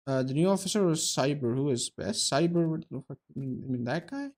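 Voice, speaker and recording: A man's voice: medium pitch, normal speed, darkish tone. A young man giving casual, profane, joking commentary while streaming a game, rambling between stories and play.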